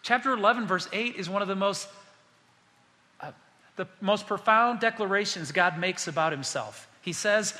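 A man's voice: high-pitched, moderate pace, bright, forceful tone, long reverb tail. A man preaching a sermon as pastor, speaking passionately and addressing the congregation directly.

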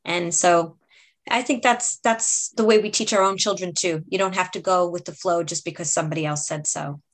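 A woman's voice: fairly low pitch, fairly even intonation, normal speed. A woman hosting an interview podcast, thanking her guest effusively and closing the episode. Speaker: podcast host.

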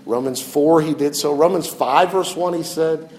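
A man preaching a sermon as a pastor, earnest and expressive, often restarting his phrases. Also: fairly high pitch, normal speed.

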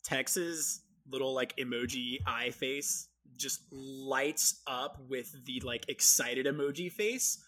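Playful woman player, very low voice. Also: fairly bright tone. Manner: slow, playful. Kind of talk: describing actions in a tabletop game.

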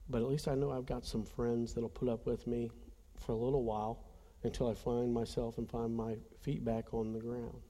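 A man's voice: medium pitch, little pitch movement, moderate pace, dark tone, long reverb tail. A man preaching a conversational sermon, telling a personal story earnestly and speaking straight to his congregation. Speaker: pastor.

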